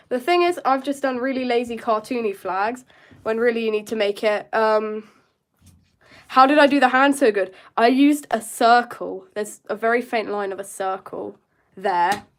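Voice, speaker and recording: A young woman chatting through a live drawing tutorial, rambling and joking with her chat. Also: a little high. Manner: chatty, self-mocking asides to chat. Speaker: art streamer.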